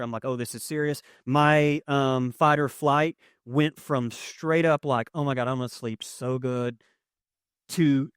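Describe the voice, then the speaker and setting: Animated storytelling male pastor. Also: on the high side, smooth, no room sound, clean studio sound. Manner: animated, conversational, self-deprecating humor. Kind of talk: sermon with personal storytelling.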